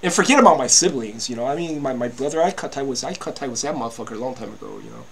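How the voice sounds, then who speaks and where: A man's voice: mid-range voice, animated, rapid-fire, vocal fry, crowd noise. A man in his fifties ranting to camera, agitated and repetitive, stammering through restarts and swearing freely. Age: 50s. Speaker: vlogger.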